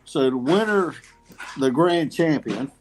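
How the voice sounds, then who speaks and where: Slow laid-back competition pitmaster. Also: male voice, on the high side, lively intonation, slight background noise. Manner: laid-back, halting, repeats words. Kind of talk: casual call-in chat.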